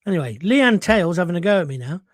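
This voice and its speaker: A man's voice: high-pitched, sing-song, fast talker, no room sound. An older man hosting a casual live stream, chatting bluntly and cheekily while reading out viewer comments.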